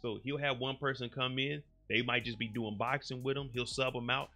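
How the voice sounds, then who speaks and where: Man, gravelly, bright and forceful, casual animated show recap, AAVE, light music underneath. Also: medium pitch. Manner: animated, acts out characters' lines in quick bits. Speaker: recap host.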